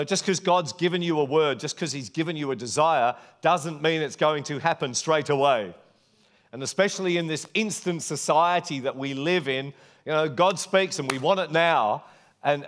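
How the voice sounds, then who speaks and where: A man preaching a sermon, telling a personal story in an earnest, conversational way. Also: on the high side.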